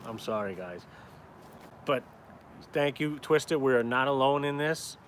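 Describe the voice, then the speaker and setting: A man's voice: medium pitch, expressive, a little slow, a bit bright, a little hiss or hum. A man from upstate New York who draws caricatures, rambling and swearing casually as he chats to viewers on a live stream from outside. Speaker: caricature artist and vlogger. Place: outdoors in town, cold.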